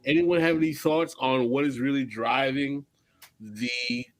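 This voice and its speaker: A man's voice: medium pitch, a little slow, no echo. A man hosting a podcast discussion, steering it to new topics and asking pointed questions. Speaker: podcast host. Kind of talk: casual discussion.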